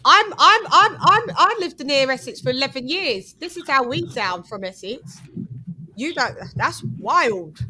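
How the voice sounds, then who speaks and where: Woman, panel host, bright and pushy, cuts in and argues hard. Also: high-pitched, expressive, slight background noise, poor audio. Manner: talks over others, argues firmly, quick questions. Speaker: host of a boxing panel show. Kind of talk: casual panel chat.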